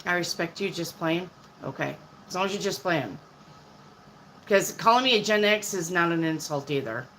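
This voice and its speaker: A woman in her fifties with a fairly low voice, reading tarot live for her viewers. She talks bluntly and chattily, answering one question from chat after another. Faint noise sits under her voice. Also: expressive, normal speed, a bit bright, poor audio. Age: 50s. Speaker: tarot reader.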